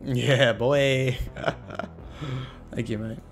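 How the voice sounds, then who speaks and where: A man streams a game and banters with his chat in a cheeky, joking way. He talks at a slow, unhurried pace in a mid-range voice. Faint game music plays behind him. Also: medium pitch, steady tone, creaky. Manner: cheeky, joking, thanks viewers, teases chat. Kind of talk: casual live-stream chat with viewers.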